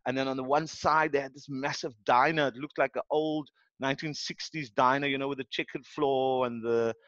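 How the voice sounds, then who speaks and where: This podcast guest, a South African-accented man from Cape Town, talks briskly at a medium pitch. His storytelling is casual and lively, with the things people said acted out. The audio is dry and lo-fi.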